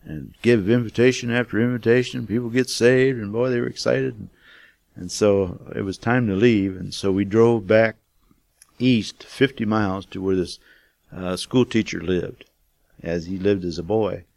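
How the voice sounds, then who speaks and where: A man's voice: on the low side, steady tone, normal speed, creaky, darkish tone, dry recording. An older man, a missionary, telling a testimony in a folksy, rambling way with many fillers. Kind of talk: casual storytelling testimony.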